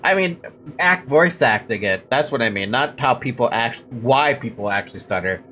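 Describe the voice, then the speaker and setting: A woman's voice: a bass voice, lively intonation, normal speed, a bit bright, slight background noise. A woman streaming a game, reading its text aloud and joking between lines with giggly, self-deprecating asides. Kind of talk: casual live-stream commentary.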